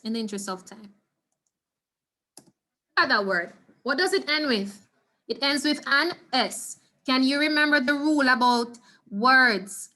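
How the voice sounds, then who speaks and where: Bright-voiced Jamaican woman teaching online. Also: a little high. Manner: patient, repeats words slowly for students. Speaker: Spanish teacher. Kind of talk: online class lesson. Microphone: computer mic on a video call.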